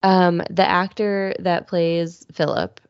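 A woman's voice: lowish voice, little pitch movement, slow pace, a little mellow, smooth, dry recording. A woman co-hosting a podcast, talking casually and hesitantly, with many restarts. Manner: hesitant, restarts a lot, chuckles. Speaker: podcast co-host. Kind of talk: casual chat. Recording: dull lo-fi sound, dry.

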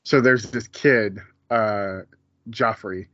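A man's voice: on the low side, steady tone, slow, sharp tone, no room sound, lo-fi sound. A man co-hosting a podcast, chatting casually in a rambling way with many fillers and restarts. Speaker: podcast co-host. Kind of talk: casual chat.

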